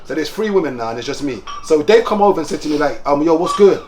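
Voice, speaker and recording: A man telling a story in casual chat, animated and often laughing. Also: fairly high pitch, fast talker, faint music behind.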